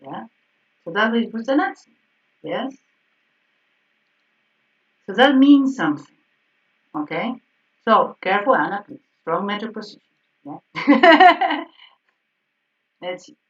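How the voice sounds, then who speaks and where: A woman's voice: mid-range voice, slow, pauses often. Woman teaching harmony over a distant call. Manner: animated, frequent "yes?" checks and self-corrections. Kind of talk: online class correcting exercises. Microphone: video call. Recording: distant, dull video-call audio.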